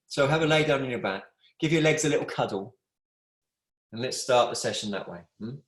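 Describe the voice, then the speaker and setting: Middle-aged yoga teacher, chatty and affectionate, mid-pitched, roomy home room sound on a video call. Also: male voice, expressive, normal speed. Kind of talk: live online yoga class. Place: room at home with a wood stove.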